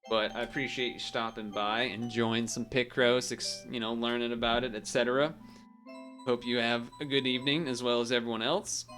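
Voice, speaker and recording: A man's voice: medium pitch, bright, forceful tone. A young man with a Massachusetts accent chatting loosely with his stream audience, full of fillers and the odd swear. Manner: loose, laid-back, swears, lots of fillers. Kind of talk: casual stream chat.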